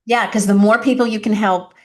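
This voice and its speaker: A woman hosting a podcast, speaking warmly and encouragingly to her guest and her listeners. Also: mid-range voice, steady tone, fairly quick. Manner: warm and encouraging. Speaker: podcast host. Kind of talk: podcast interview talk.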